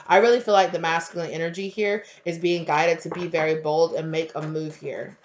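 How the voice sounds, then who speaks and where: Brief: woman tarot reader, lowish voice, chatty and rambling, dull lo-fi recording. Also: steady tone, fairly quick, slight background noise. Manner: rambling, filler-heavy, conversational. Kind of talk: casual spiritual tarot reading. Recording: dull lo-fi audio.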